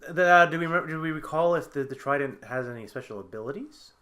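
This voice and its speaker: Bright-voiced man playing a tabletop game. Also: fairly high pitch, expressive, fast talker. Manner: joking, acts out his character's shouts. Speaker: player.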